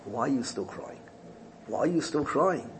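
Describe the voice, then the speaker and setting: A man voicing Napoleon as a curious, gentle French emperor asking questions in a told story. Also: medium pitch, animated, normal speed, a little hiss or hum, lightly acted.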